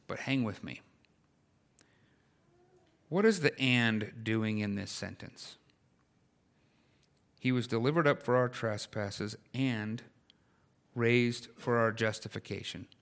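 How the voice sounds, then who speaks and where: This middle-aged male pastor has a mid-range voice that sounds pushed and bright. Preaching in a conversational way, he builds intensity through everyday stories and emphatic questions.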